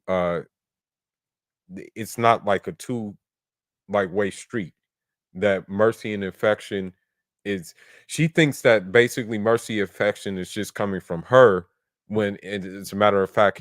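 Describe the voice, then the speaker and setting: Blunt, low-voiced man arguing. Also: dry recording, studio quality. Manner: blunt, argumentative, recites verses in Arabic. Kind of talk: casual debate talk.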